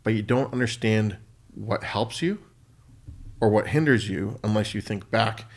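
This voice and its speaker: Middle-aged man, podcast co-host, low voice, reflective and halting. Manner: thoughtful, halting with restarts. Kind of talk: casual conversation.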